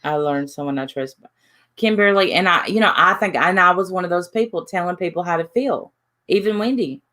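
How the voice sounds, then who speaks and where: A woman hosting a casual livestream chat, talking haltingly with many restarts and reading out names from the chat. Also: on the low side, pushed and bright. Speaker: livestream host.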